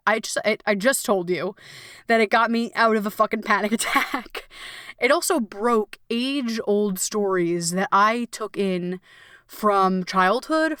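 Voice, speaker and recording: A woman's voice: medium pitch, a bit bright, no echo, clean studio sound. A woman coach hosting a solo podcast, talking candidly and emotionally and swearing freely.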